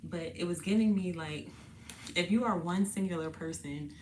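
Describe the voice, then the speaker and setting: A woman hosts a casual tarot reading, talking in loose, slangy chat and laughing often. Her voice sits a little low and sounds a bit parched and husky. A faint hiss of background noise runs under her. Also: normal speed, a little mellow. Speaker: tarot reader and channel host. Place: indoors, sitting on the floor.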